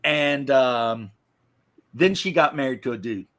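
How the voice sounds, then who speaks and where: A man's voice: mid-range voice, a little slow, a bit bright. A man from the American South hosting a casual podcast chat, telling rambling, profane, joking stories. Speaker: podcast host.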